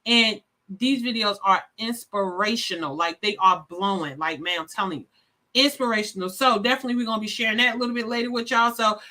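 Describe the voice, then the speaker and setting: A woman hosting a live stream, speaking warmly and effusively straight to her viewers, a little sleepy. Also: mid-range voice, brisk. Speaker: live show host. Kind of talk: casual live-stream sign-off.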